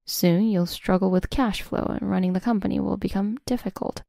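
A woman in scripted first-person narration of a revenge story, smug and measured. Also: medium pitch, fairly even intonation, vocal fry, dark tone, no echo, studio quality.

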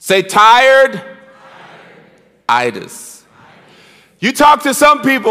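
Male pastor with a very high, forceful voice, preaching with call-and-response in a reverberant church hall. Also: very animated, slow pace, creaky, long pauses. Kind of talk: sermon. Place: church sanctuary.

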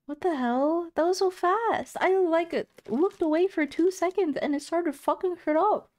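Excitable woman streamer yelling at a game. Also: very high-pitched, a little slow. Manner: excitable, panicky repeated shouts and frequent swearing. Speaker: VTuber streamer. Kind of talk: casual live gameplay commentary.

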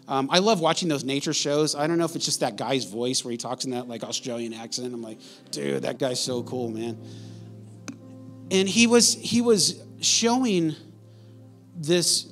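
A man in his forties preaching a sermon as pastor, in an animated, conversational storytelling way. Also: a little high.

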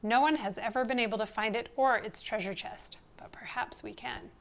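A resourceful, brisk librarian, read aloud by a woman, speaks in an earnest, fairly high voice. She talks from a children's storybook. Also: lightly acted.

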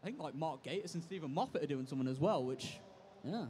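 A man's voice: on the high side, animated, fast talker, darkish tone, slight background noise. A young man hosting a convention panel in casual, upbeat, slangy banter, laughing often. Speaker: panel host. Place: convention hall panel stage.

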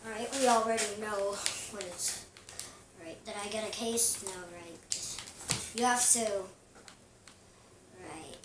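A woman's voice: medium pitch, takes it slowly, pauses often. A woman casually commenting on her own gameplay, chatty and giggly, talking to herself as she plays. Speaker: gaming vlogger. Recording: echoey room, distant mic, noisy.

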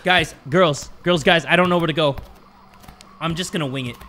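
A man giving jumpy, joking let's-play commentary on a horror game, often breaking into loud screams. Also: a little high, normal speed. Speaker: gaming YouTuber.

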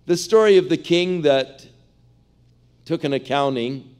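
A pastor preaching a sermon in a large church, earnest, acting out the voices in a parable. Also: male voice, medium pitch, darkish tone, clear, resonant tone.

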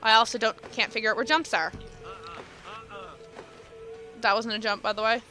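Young woman let's player, high bright voice, self-mocking and teasing, faint game music. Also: steady tone, normal speed.

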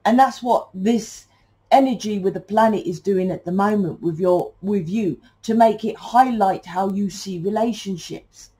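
A woman's voice: mid-range voice, unhurried, mellow, husky, poor audio. A British woman giving a casual spoken tarot reading, rambling and chatty and swearing now and then. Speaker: tarot reader.

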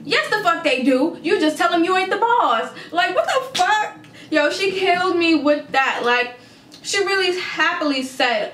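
A young adult woman vlogger recounting a story in a casual, animated, swearing, incredulous way. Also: sits high, normal speed, slight background noise. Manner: animated, profane, incredulous retelling. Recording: roomy echo with faint ambience.

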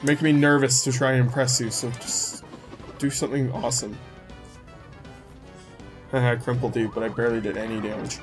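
A man's voice: mid-range voice, flat delivery, normal speed, pauses often. A young man giving casual, sarcastic let's play commentary with joking banter. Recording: faint game music behind.

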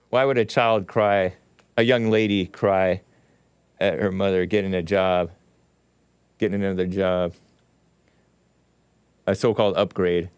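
A man's voice: low voice, steady tone, unhurried, long pauses, clean tone, dry recording. A man hosting a podcast, reading out screenshots with mocking commentary, swinging his voice up and down theatrically and chuckling at his own remarks. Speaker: host.

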